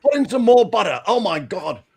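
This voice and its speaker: A man's voice: sing-song, normal speed, gravelly, breathy edge, exaggerated voice. An older man voicing a frantic, bossy husband who nags and repeats his orders while telling a joke. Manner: shrill, nagging, repeats orders. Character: frantic bossy middle-aged husband shouting in the kitchen.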